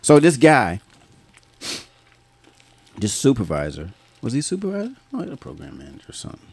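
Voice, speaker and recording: Guy with a gravelly voice cracking up over work stories, swears a lot, dry recording. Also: mid-range voice, wildly swooping pitch, a little fast, no room sound. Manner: profane, laughing, mimics people he talks about. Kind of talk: casual chat, storytelling.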